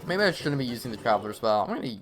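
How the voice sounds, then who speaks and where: A man's voice: medium pitch, big pitch swings, racing, fairly bright tone, a little hiss or hum. A young man streaming a game live, explaining tactics casually with frequent laughs and fillers. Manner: chatty, laughs often, many fillers. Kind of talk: live gameplay commentary and tips.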